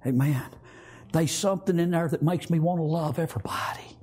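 A man preacher voicing a soldier husband come home, speaking in a hushed whisper. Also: on the high side, fast, slightly rough. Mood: tender, hushed.

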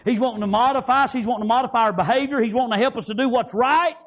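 A man preaching a sermon, fervently repeating praise and amen and rising to shouts. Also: very high-pitched, racing.

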